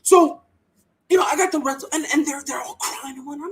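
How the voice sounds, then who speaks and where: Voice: high-pitched, fast talker, low-quality recording. A sports podcast host giving opinionated takes in a fired-up, emphatic way, often repeating words and mocking others in put-on quoted voices.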